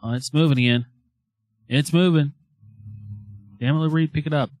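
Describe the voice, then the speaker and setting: A man's voice: on the high side, normal speed. A man hosting a casual chat around a spirit board, joking, swearing and putting on a spooky tone. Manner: swearing, animated, mock-spooky. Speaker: podcast host.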